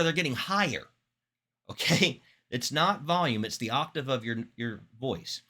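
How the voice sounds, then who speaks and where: A man teaching public speaking in an instructional talk, demonstrating vocal techniques with expressive examples. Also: mid-range voice, unhurried. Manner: demonstrates voices, animated and expressive.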